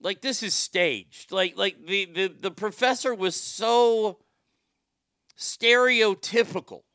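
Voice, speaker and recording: A man hosting a livestream in a rambling, profane way, his voice a little higher than most men's and edged with gravelly fry. It comes across bright and crisp, recorded close and dry. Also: slow pace, dry recording. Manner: rambling and profane, with frequent restarts. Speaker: livestream host reading viewer chat. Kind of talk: casual livestream chat.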